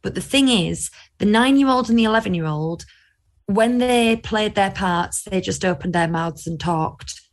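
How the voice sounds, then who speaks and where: Woman co-host, casual review chat, animated and opinionated. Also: medium pitch, moderate pace. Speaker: podcast co-host.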